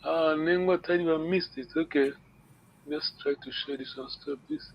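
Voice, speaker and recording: A man teaching a language class online, speaking haltingly, repeating words and checking in with his students. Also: a little high. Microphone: video call. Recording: lo-fi online call audio.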